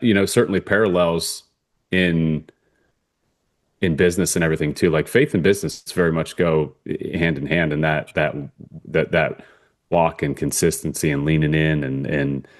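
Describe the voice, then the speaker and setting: A man's voice: rumbling low, steady tone, normal speed. A man hosting a podcast, talking in a reflective, casual way full of fillers and repeated words. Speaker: podcast host. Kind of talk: casual conversation.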